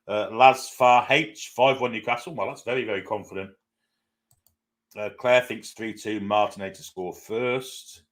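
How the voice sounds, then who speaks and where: A man's voice: fairly low pitch, normal speed. A man hosting a live football watchalong, casually reading out and answering viewer comments with frequent fillers. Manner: chatty, reads out viewer comments and greets them one by one; casual, with frequent "uh" and self-corrections. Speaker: host of a football fan channel.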